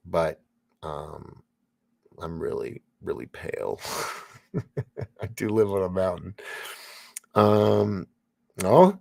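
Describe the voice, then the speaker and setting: A man's voice: deep voice, big pitch swings, slow pace, creaky, long pauses, a little mellow, dry recording. A man hosting a casual livestream, reading viewer comments aloud with a rambling, laughing manner and lots of fillers. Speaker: livestream host reading chat.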